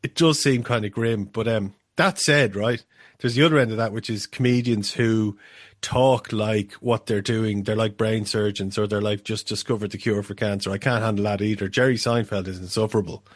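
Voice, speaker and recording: A man's voice: lowish voice, steady tone, moderate pace, no echo, clean studio sound. A man co-hosting a podcast, chatting bluntly and swearing freely. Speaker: podcast co-host. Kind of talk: casual podcast chat.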